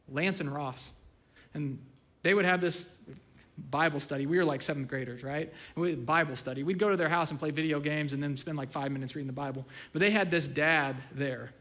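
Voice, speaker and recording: A pastor in his thirties delivers a sermon casually, like telling a story, with a voice a little higher than most men's. He swings between loud, excited bursts and quiet, hushed asides.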